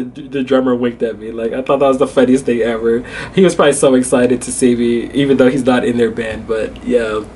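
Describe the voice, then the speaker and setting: A man's voice: mid-range voice, slight background noise. A young man vlogging casually, telling a story with lots of fillers and frequent laughter.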